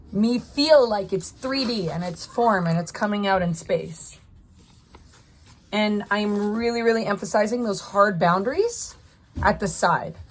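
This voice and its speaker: A woman art teacher narrating a drawing tutorial, chatty and encouraging, thinking aloud as she draws at her desk. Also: mid-range voice.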